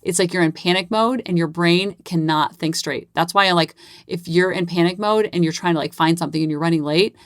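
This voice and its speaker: A woman in her forties telling stories on her parenting podcast, her voice sitting a little low. She talks in a casual, chatty way with plenty of "like" fillers and jumps into animated voices for quoted dialogue. The sound is close and dry. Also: a little fast, no room sound. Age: 40s. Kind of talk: casual solo podcast storytelling.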